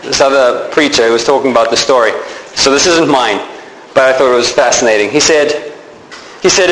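A man's voice: medium pitch, brisk, reverberant, slight background noise, rough recording. A man preaching a sermon, telling stories with energy and acting out the people in them. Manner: animated storytelling, acts out the people in his stories.

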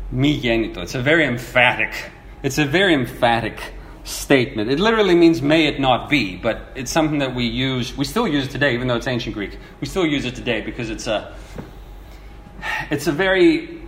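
A male preacher teaching from scripture, his pitch swinging lively as he tells the story and acts out the voices. The room is echoey, with a faint hum of ambience behind him. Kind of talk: sermon teaching.

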